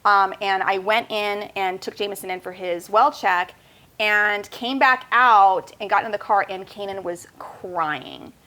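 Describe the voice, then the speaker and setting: A woman's voice: medium pitch, measured pace. Chatty woman telling a mom story. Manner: storytelling, animated, acts out voices in anecdotes. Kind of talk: casual chat.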